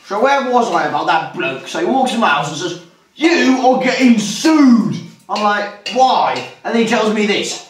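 A man's voice: high-pitched, brisk. A man bantering and telling silly stories on a home cooking show, mocking voices as he goes. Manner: animated, mocking put-on British voices. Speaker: co-host of an online cooking show. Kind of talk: joking banter and silly storytelling. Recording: roomy, distant, faint noise.

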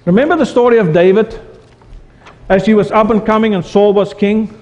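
A man's voice: high-pitched, moderate pace, a little mellow, big-room sound. A man preaching a sermon as pastor, asking his congregation questions as he goes.

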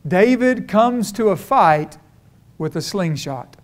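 A middle-aged preacher, his voice sitting high for a man. He tells his stories in a folksy, conversational way and keeps climbing into fervent bursts. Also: lively intonation, slow pace. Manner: storytelling, folksy, rising to fervent. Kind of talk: sermon.

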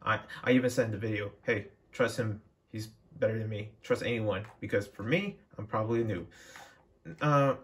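A man's voice: fairly low pitch, normal speed. A young man chatting casually to his viewers as a vlogger, rambling with frequent restarts and fillers. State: dry throat, out of breath. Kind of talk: casual chat to camera.

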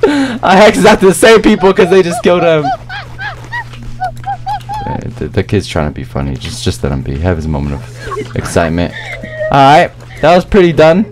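A young man commenting on his own gameplay, talking in slangy, excitable, rambling trash talk. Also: on the high side, normal speed, long pauses, over music. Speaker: gaming YouTuber.

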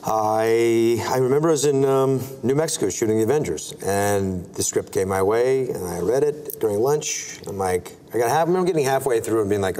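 Animated storytelling man, studio interview. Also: mid-range voice, fairly quick, hardly any pauses. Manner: animated, acts out dialogue with many "I'm like" quotes; filler-heavy, restarts often. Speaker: actor, interview guest. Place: TV studio, seated at a table.

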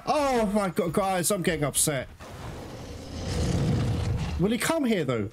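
A man giving live gameplay commentary to his viewers, excitable and swearing often. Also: high voice, takes it slowly, noisy background. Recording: loud game music behind.

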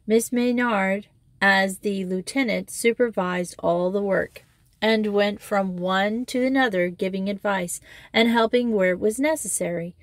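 A woman reading a children's school novel aloud in steady, measured storytelling. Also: medium pitch, no room sound. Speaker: audiobook reader.

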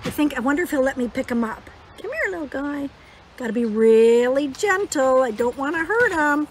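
A woman leading an outdoor lesson for young children, talking gently in a sing-song way, as if to friends. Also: high voice, expressive, normal speed, a little hiss or hum. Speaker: early years educator. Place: outdoors in a yard and woods.

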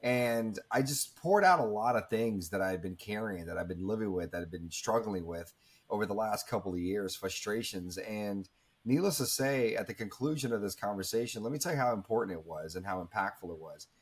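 A man in his thirties with a slightly husky, lowish voice talks candidly in an interview. He tells his story in an earnest, reflective way, often restarting a sentence with "you know" and "listen". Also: animated, a little fast. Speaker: guest speaker.

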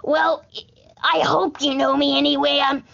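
A woman's voice: sits high, level tone, unhurried, gravelly, fairly bright tone, muffled recording, heavily acted. Woman doing a rambling panicky president. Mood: chatty. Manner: rambling, easily frightened, screams often. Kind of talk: homemade comedy skit.

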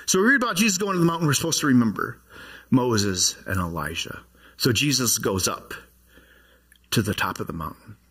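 A man's voice: mid-range voice, lively intonation, fairly quick, a bit bright, husky. A man preaching a sermon as pastor, talking conversationally and asking the congregation questions. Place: church.

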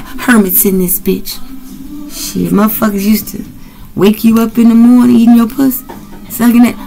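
A woman's voice: on the high side, low-quality recording. Brash, profane woman reading tarot. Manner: brash, profane, rowdy and playful. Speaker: tarot reader.

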